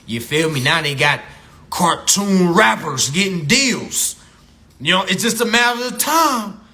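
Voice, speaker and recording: A man's voice: high-pitched, expressive, a little slow, sharp tone. A man ranting on a livestream, profane and preachy, repeating his points with emphasis. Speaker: social media live host. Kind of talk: unscripted livestream rant. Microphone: phone livestream.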